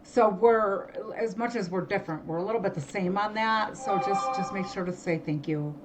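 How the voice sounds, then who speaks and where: A middle-aged woman co-hosting a casual chat show, talking in quick asides and correcting herself as she goes. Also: medium pitch, loud music behind the voice, rough recording. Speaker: podcast co-host.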